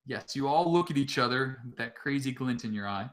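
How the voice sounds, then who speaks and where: A man narrating as game master of an online tabletop game, halting often with filler sounds between phrases. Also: mid-range voice, animated, a bit bright.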